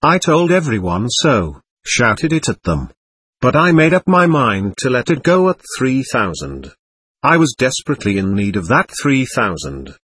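Man voicing an impassioned, husky young man. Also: medium pitch, big pitch swings, moderate pace, a bit bright, no echo. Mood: heated. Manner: impassioned, pleading, emphatic. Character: agitated proud young man under questioning. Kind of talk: audiobook character reading.

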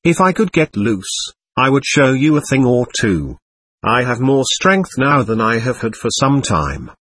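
A man reading a husky, defiant angry spirit. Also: mid-range voice, big pitch swings, measured pace, fairly bright tone, dry recording. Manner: defiant, threatening, scornful. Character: angry stubborn male spirit, boastful and hostile. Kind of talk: reading a séance transcript aloud.

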